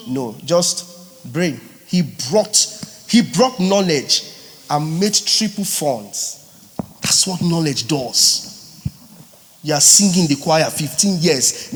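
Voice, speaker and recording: A man, teaching a live singers' workshop as a vocal coach, teasing and lively. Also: a little high, takes it slowly. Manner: animated, teasing, mixes in pidgin. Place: large hall at a live boot camp. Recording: long hall reverb.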